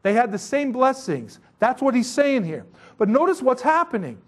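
A man teaching a Bible chapter in a casual, conversational sermon, with animated, slangy asides. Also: extremely high pitch, moderate pace.

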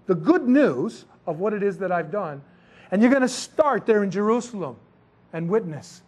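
A male pastor preaching a sermon in a casual, animated way, full of asides and humor. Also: sits high, normal speed.

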